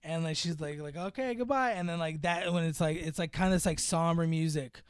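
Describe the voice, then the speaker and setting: A man's voice: little pitch movement, a little fast, clear, resonant tone, dry recording, studio quality. A young man casually recapping a movie plot, rambling with lots of fillers and acting out the characters' lines. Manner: rambling, filler-heavy storytelling, acts out lines in higher voices. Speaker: podcast co-host. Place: home room.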